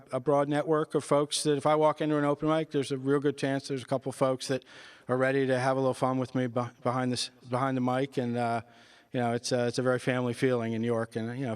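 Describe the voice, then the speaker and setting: Even-toned man talking, halting and rambly. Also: medium pitch, smooth. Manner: rambling, full of "uh" and "you know". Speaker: local musician. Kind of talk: casual interview talk.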